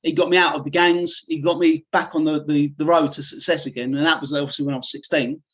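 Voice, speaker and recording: In an interview, a middle-aged martial arts instructor from the UK rambles through his life story candidly, full of fillers and restarts. He's a fast talker with a slightly high, fairly bright voice and a level tone.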